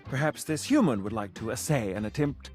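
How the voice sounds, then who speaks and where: A woman's voice: a bass voice, expressive, a little fast, darkish tone, faint music behind. A haughty, bored noblewoman. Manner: aloof, formal and condescending. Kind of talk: video game character voice.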